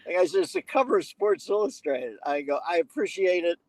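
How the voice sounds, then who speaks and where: A brisk, high-sitting male voice with vocal fry belongs to a podcast guest telling a long, casual anecdote. He's lively, imitates what others said, and drops profane wisecracks along the way. The audio lacks echo but is low quality.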